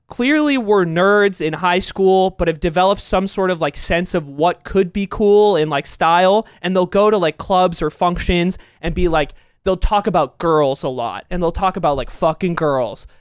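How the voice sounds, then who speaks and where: Young dude podcast host, higher voice, keeps laughing n doing voices for people, super dry sound. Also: male voice, clean tone, no echo. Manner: animated storyteller, laughs often, acts out quotes. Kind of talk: casual storytelling chat.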